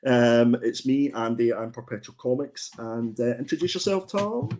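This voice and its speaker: A man's voice: mid-range voice, moderate pace, a little mellow. A man hosting a casual comics livestream, chatty and prone to repeating his words as he goes. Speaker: comic show host.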